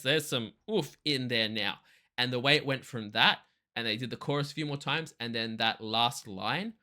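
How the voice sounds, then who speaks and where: Reaction host, man, eager and thinking aloud, very bright, tense voice. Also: mid-range voice. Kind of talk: casual reaction commentary.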